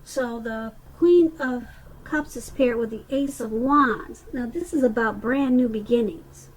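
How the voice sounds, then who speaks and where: A woman's voice: a little high, rough recording. A woman giving a casual tarot reading, chatty and loose, often restarting sentences and saying "okay". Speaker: tarot reader.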